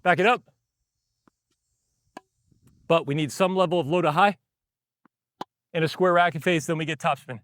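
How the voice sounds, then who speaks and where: A man's voice: fairly high pitch, steady tone, normal speed, long pauses, fairly bright tone, no echo. A man teaching tennis while he rallies on a court, a bit out of breath, explaining in short bursts between shots. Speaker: tennis coach.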